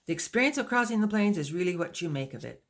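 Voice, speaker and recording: Give me a steady, patient wagon teamster man, read by a woman, a little gravelly, explaining things in an audiobook. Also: fairly low pitch, quick pace. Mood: reassuring. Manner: patient, instructive. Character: male wagon teamster guiding pioneer women, patient and steady. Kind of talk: audiobook dialogue.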